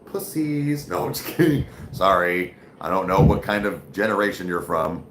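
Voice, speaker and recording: Now the livestream host's voice comes across deep and a bit bright, at normal speed, with reverb and a little hiss or hum. He's still reading comments casually, swearing and tossing around "like," "dude" and "bro."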